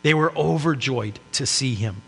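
Bright-voiced man preaching in a hall. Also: mid-range voice, normal speed, gravelly, husky. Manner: earnest, conversational preaching. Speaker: pastor. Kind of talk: sermon.

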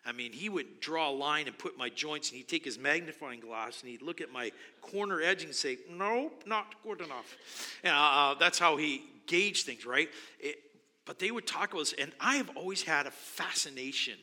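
A man's voice: on the high side, normal speed, bright, forceful tone. A male pastor preaching a sermon in a church, musing and conversational with frequent restarts. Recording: long hall reverb.

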